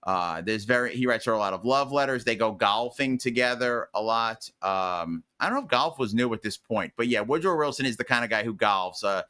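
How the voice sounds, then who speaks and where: A man with a bright, forceful voice talks through history in a loose, rambling way. He is opinionated and full of fillers and restarts, like a podcast host chatting casually. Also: mid-range voice, expressive, brisk, few pauses, clean tone.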